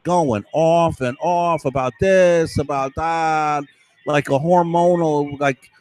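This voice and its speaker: A man's voice: fairly high pitch, fairly even intonation, slow pace, dry recording, poor audio. A man in a casual monologue, rambling and insistent, with an aggrieved, conspiratorial tone that keeps checking in with "right?".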